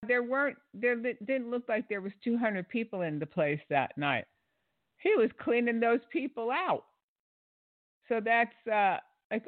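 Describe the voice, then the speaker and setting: Indignant high-voiced man, phone-like sound. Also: no echo. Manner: indignant, sarcastic, hesitant with fillers. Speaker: commentator. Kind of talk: critical commentary on a clip. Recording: dry phone-like audio.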